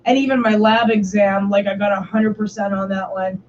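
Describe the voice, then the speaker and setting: A woman's voice: medium pitch, steady tone, normal speed, a little mellow, slight background noise. A young woman hosting a stream, telling stories in casual chat, swearing often and saying "like" constantly. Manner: swears often, heavy use of "like". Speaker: stream host. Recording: muffled lo-fi stream audio.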